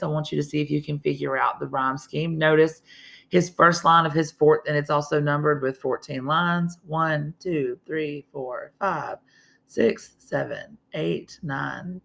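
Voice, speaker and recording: Woman teacher, slightly gravelly, talking casually through a lesson. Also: low voice. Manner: casual, chatty, restarts often. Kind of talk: recorded classroom lesson.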